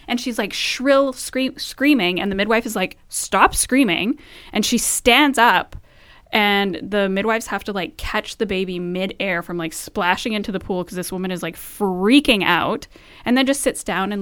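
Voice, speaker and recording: A woman co-hosting a podcast, telling stories in an animated way and swearing freely. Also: mid-range voice, clean tone, dry recording. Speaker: podcast co-host, expecting mother. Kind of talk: casual chat.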